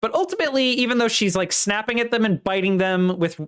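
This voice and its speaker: A woman co-hosting a casual book-discussion podcast, recapping the plot at length in a lively way. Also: fairly high pitch, fast talker, clean tone. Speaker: podcast co-host.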